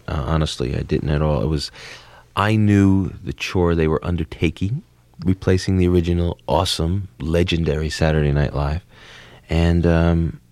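A young man from New Jersey, a comedian being interviewed, talking in a rambling, excitable way with frequent restarts. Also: low voice, no echo. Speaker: comedian guest. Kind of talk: casual interview chat.

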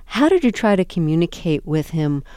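A woman interviewer asks measured, thoughtful questions. Her voice is very low, with a smooth, resonant tone. The sound is dry and close. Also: big pitch swings, warm tone, no room sound.

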